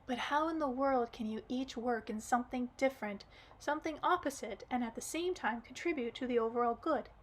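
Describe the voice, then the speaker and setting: An eager little girl rushes out curious questions, as a woman voices her in an audiobook. Her voice sits fairly high. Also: a little hiss or hum, natural voice.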